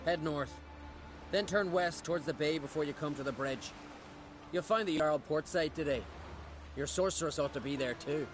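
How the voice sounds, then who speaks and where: A man voicing a scornful, gruff island sailor. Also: fairly high pitch, normal speed, over music, natural voice. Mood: plain. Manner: coarse, scornful taunting. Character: gruff male island sailor, rude and mocking.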